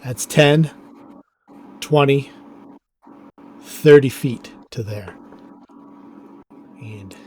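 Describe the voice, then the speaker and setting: A man's voice: medium pitch, extremely slow, pauses often, a little mellow, breathy edge. A man narrating a tabletop game as game master, casual and hesitant with many fillers. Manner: casual, hesitant with frequent ums.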